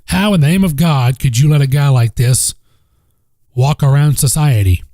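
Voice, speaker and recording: Blunt, profane Southern man with a dark voice. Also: medium pitch, normal speed, no room sound. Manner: blunt, profane, repeats himself. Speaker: podcast host. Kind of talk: casual solo podcast talk. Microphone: home microphone.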